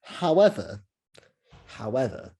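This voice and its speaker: A man hosting a casual podcast chat, excitable, stumbling over restarts and swearing freely. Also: mid-range voice, takes it slowly, slightly rough. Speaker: podcast host.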